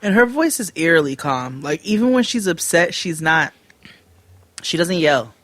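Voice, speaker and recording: A man's voice: fairly high pitch, sing-song, normal speed, fairly bright tone, dry recording. Blunt man with a dry close voice. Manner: blunt, emphatic, swearing commentary. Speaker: podcast co-host. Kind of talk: casual chat recapping a show.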